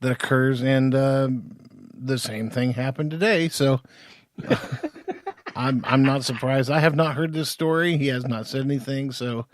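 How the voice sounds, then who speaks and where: A man's voice: mid-range voice, steady tone, unhurried, no echo, clean studio sound. A man co-hosting a podcast, talking in a casual, rambling way with lots of fillers. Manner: rambling, many fillers, laughs. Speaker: podcast co-host. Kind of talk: casual chat.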